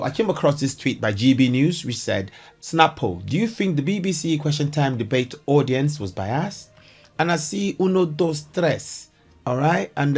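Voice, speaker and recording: Jokey man vlogging. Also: fairly high pitch. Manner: excitable, jokey, chatty, addresses viewers as guys. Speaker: commentary vlogger. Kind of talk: casual comedic commentary.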